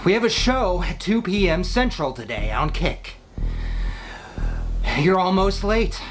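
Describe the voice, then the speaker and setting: A man voicing a cryptic, menacing male villain in a parody promo, drawing out his words slowly and threatening with sudden shouts. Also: high-pitched, expressive, soft background music, pitched above the performer's own voice.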